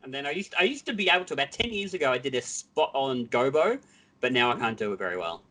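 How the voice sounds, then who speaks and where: A man's voice: medium pitch, expressive, quick pace, fairly bright tone. A man, a podcast guest, chatting loosely and self-deprecatingly, jumping between thoughts. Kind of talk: casual chat.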